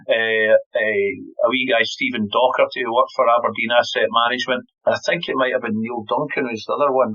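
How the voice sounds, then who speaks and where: A man's voice: medium pitch, bright, forceful tone. A Scottish man in his fifties, a former golfer, telling a story in a podcast interview with lots of energy, often repeating words. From Scotland. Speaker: guest, former golf pro. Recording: slightly dull podcast audio.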